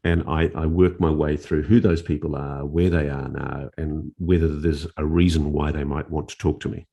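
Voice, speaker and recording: A male journalist telling a story in casual conversation, animated and often restarting his phrases. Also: a bass voice, normal speed, gravelly, slightly rough. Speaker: investigative journalist, interview guest.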